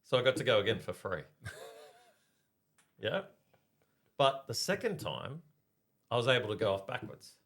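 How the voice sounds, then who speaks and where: A man's voice: mid-range voice, normal speed, pauses often. A middle-aged man, co-hosting a podcast and telling stories in casual chat. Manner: storytelling, animated, checks in with listeners. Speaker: podcast co-host.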